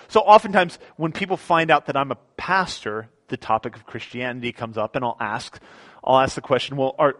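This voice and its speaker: A man's voice: medium pitch, a bit bright. A man preaching a sermon as pastor in a church, talking conversationally and often repeating words as he restarts his sentences. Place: church sanctuary.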